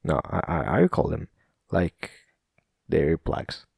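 A man's voice: rumbling low, expressive, takes it slowly, gravelly, darkish tone, slightly rough, no room sound, studio quality. A young Italian man with an Italian accent, rambling casually in a monologue, laughing often and full of fillers and restarts. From Italy.

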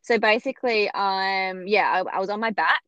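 A woman's voice: normal speed, dry recording. A woman chatting casually and telling her story with lots of life, throwing her voice way up whenever she quotes other people. The sound is a little dull and very dry, with no room around it. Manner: animated, acts out quoted voices with big pitch jumps. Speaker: podcast guest telling her birth story.

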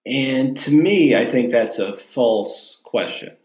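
A man's voice: mid-range voice, expressive, slow, a little mellow. A young adult man, a pastor and podcast host, casually telling a personal story in a candid, chatty, self-deprecating way. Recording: echoey room.

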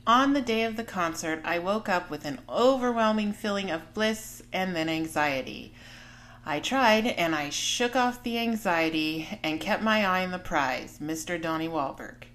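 Podcast host, woman, 40s; candid personal storytelling, slightly low pitch, frank. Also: animated, unhurried, fairly bright tone.

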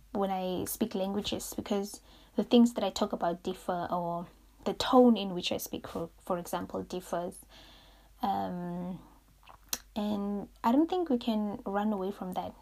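A young adult woman hosting a reflective solo podcast, rambling through her thoughts, searching for words and growing animated as she recounts stories. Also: mid-range voice. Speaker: podcast host.

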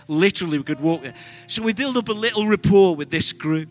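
A man's voice: fairly high pitch, a little fast, faint music behind. An English man preaching a sermon, telling humorous, self-deprecating travel stories to his congregation. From Britain. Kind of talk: sermon with storytelling.

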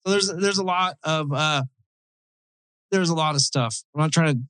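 Profane, animated tattooer host. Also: male voice, fairly high pitch, normal speed, smooth, no room sound, rough recording. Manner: profane, animated storytelling with mimicked quotes. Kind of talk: casual chat.

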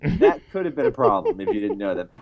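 A man co-hosting a podcast in casual chat, telling wry, animated anecdotes and giving opinions. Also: fairly low pitch, fast, highs cut off. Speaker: podcast co-host.

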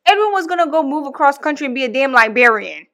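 A woman's voice: high voice, animated, fast talker, a bit bright. A young woman co-hosting a podcast, venting bluntly in casual chat and swearing freely. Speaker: podcast co-host.

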